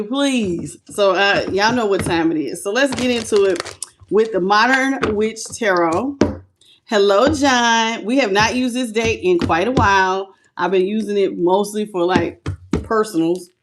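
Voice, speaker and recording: Chatty woman tarot reader, higher voice. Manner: warm, playful, calls viewers "baby" and "boo", laughs often. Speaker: tarot reader hosting a live stream. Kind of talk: live-stream tarot reading, chatty greetings to viewers.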